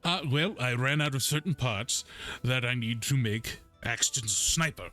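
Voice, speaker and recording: A man voicing a calm practical tinkerer. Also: medium pitch, measured pace, faint music behind.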